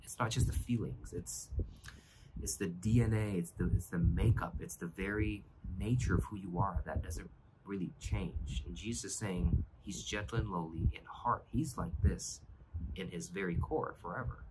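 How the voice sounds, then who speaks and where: A man's voice: low voice, normal speed, very noisy. A man pastor giving an earnest, reflective devotional sermon, often restarting his phrases.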